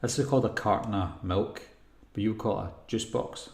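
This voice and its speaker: Scottish male live-stream host, casual and meandering, slightly low voice, echoey room. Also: fairly quick, gravelly, darkish tone. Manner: rambling, thinks aloud while reading chat comments. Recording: roomy echo.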